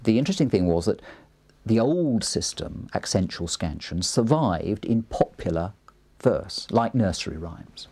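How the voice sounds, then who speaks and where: Man, literary scholar, documentary interview, deep voice, emphatic, recites examples. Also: normal speed, slightly rough. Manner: animated, emphatic, quotes lines aloud.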